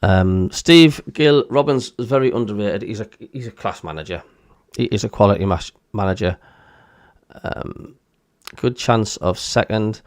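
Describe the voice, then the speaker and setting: A man's voice: on the low side, unhurried, dry recording, studio quality. A man with a Sunderland (Mackem) accent hosting a live football stream, chatting casually and reading out viewer comments with lots of ums. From Northeast England. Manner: chatty, plain-spoken, many ums. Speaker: host of a football watchalong stream.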